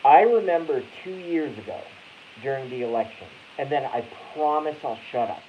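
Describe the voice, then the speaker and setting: This expressive Boston man, medium in pitch and moderate in pace, hosts a laid-back live stream full of rambling, swearing, and half-finished sentences. The sound is dull and lo-fi, with faint hiss.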